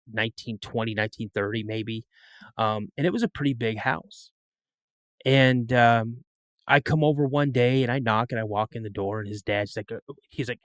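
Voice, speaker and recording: A man's voice: medium pitch, no room sound. Man, middle-aged, podcast guest, rambling storyteller, frequent restarts, dry recording. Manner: rambling, repeats words and restarts. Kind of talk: storytelling in an interview.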